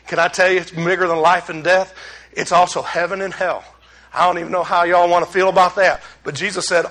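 A man preaching a sermon, addressing the congregation as y'all and swinging between loud exclamations and hushed asides. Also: very high-pitched. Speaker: pastor.

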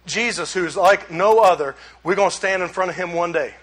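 Man preaching, high-pitched, bright, swings loud and soft. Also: a little fast. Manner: animated preaching, swinging between loud and hushed; addresses congregation as y'all. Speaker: pastor. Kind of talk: sermon.

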